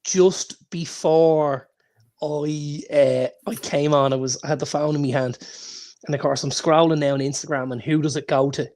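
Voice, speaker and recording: A man's voice: fairly high pitch, steady tone, normal speed, darkish tone. Man telling football stories. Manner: storytelling, many false starts. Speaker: podcast co-host. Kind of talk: casual football chat.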